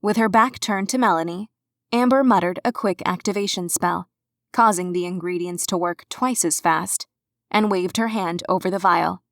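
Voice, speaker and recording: A woman's voice: on the low side, no echo, studio quality. Woman narrating a cozy novel. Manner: even, measured storytelling. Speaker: audiobook narrator. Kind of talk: scripted narration.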